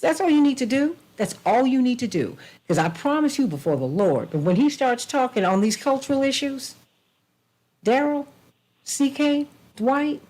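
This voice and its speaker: Emphatic woman host with lively pitch. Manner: emphatic, preacherly, addresses listeners by name. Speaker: talk show host. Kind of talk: political talk show commentary.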